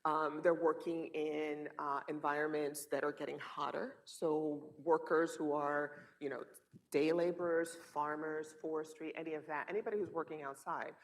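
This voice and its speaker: A woman with a low, gravelly voice speaks at a conference panel, often pausing on fillers and correcting herself. She sounds a little distant from the microphone. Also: steady tone. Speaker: panelist, outreach director. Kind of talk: panel discussion.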